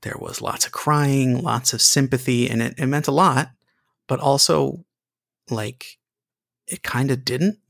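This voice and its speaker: An actor playing a weary, sardonic widowed man with a gravelly voice. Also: mid-range voice, measured pace, a bit bright, no echo, studio quality. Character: gruff widowed man bent on revenge.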